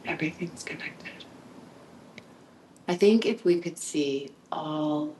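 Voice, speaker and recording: A woman hosting her own podcast, talking in a reflective solo monologue, musing and sometimes dropping into a soft whisper, with frequent restarts when she gets excited. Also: sits low, slow, pauses often, slight background noise, low-quality recording. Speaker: podcast host and author.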